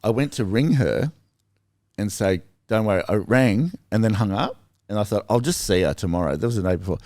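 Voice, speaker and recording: A man with an Australian accent, telling stories in a casual podcast chat, rambling and animated with lots of fillers. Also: lowish voice, brisk, no echo, clean studio sound.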